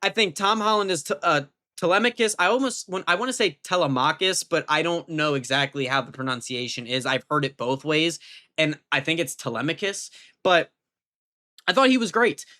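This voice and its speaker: A young man in a casual vlog, reviewing a film off the cuff with plenty of fillers and the odd curse. His voice sits a little high and sounds bright and tense. When he gets worked up, it leaps higher still. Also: normal speed. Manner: rambling, full of fillers and restarts, swears casually; pitch jumps up when emphatic. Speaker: movie reviewer.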